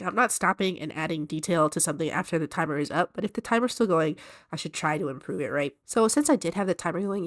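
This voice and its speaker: A woman with a stuffy voice from allergies, chatting casually and self-deprecatingly in an art vlog as she draws. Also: low-pitched. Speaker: art vlogger. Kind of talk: casual chat while drawing.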